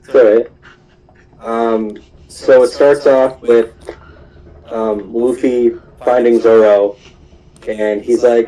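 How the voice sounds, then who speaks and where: A young man recapping an anime episode in a loose, rambling way, with lots of "um"s and asides. His voice is mellow and low-key, pitched in a middle range, and reads as unscripted chat. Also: steady tone, slow pace, pauses often, low-quality recording. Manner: rambling, full of fillers and laughs.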